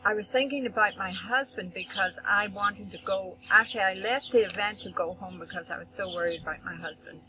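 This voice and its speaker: An older woman calmly recounting a personal experience as a guest on a faith talk show. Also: mid-range voice, brisk, hardly any pauses. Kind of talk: casual testimony. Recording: noisy recording with birdsong behind. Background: birds chirping.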